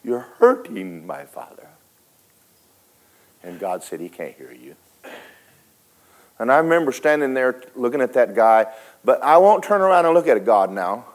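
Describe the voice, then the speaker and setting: A man preaching a sermon, telling a story dramatically, switching between loud and hushed and talking straight to the congregation. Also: medium pitch, sing-song, normal speed. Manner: folksy, speaks to the congregation directly.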